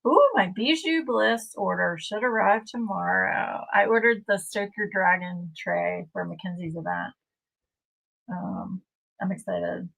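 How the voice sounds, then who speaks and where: Slow-talking woman, chatty host. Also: medium pitch, vocal fry, a bit bright, low-quality recording. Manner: chatty, reads viewer comments aloud. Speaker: livestream host. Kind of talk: casual livestream chat.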